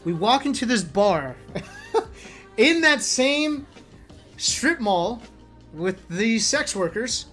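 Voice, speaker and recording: A man telling travel stories in a casual vlog, animated and profane, often laughing as he talks. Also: very high-pitched, drawn-out words, pauses often, soft background music. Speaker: esports player vlogger. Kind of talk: casual storytelling monologue.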